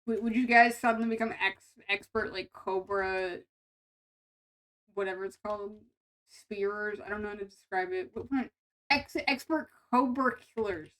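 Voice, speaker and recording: A woman's voice: mid-range voice, normal speed, fairly bright tone. A young woman streamer with a nasal voice, chatting casually and rambling with her viewers, full of restarts and giggles. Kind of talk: casual live-stream chat with chat.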